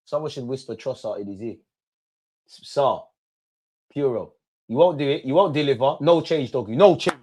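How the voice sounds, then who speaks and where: A young man doing a live football watch-along, shouting at players and the referee in slangy banter. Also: medium pitch, moderate pace, long pauses, breathy edge.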